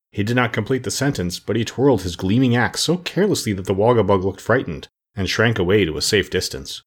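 Low husky guy narrating a storybook, steady and measured. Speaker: audiobook narrator.

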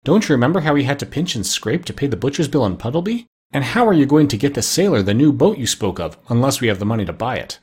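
A man's voice: medium pitch, very animated, fast, hardly any pauses, a little mellow, breathy edge. A man voicing a bossy, sensible female duck who scolds and nags in a storybook reading. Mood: insistent. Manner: scolding, practical.

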